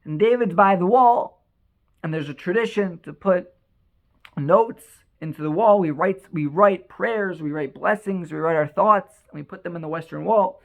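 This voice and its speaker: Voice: mid-range voice, normal speed, vocal fry. A storyteller telling an inspirational religious story with emotion, repeating words and restarting sentences.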